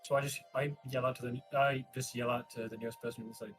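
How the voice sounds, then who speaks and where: A man's voice: mid-range voice, level tone, fast talker, fairly bright tone, soft background music. A man playing a tabletop game, speaking casually with stumbling restarts. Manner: stumbling restarts, laughing asides. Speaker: player.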